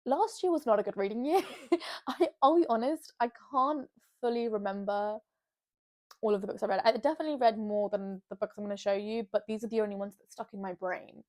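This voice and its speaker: This young woman speaks at medium pitch and a fairly quick pace, her tone a touch mellow. She's a vlogger perched on her bed, talking casually to camera with bubbly, self-deprecating rambling.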